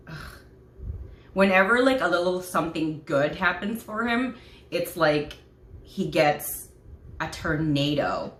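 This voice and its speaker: A woman vlogger talks in a casual, gushing way, full of fillers and little laughs. Her voice sits a bit low for a woman. The room around her has a noticeable echo. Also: fairly bright tone. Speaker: vlogger reviewing a TV series. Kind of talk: casual chat. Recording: echoey room.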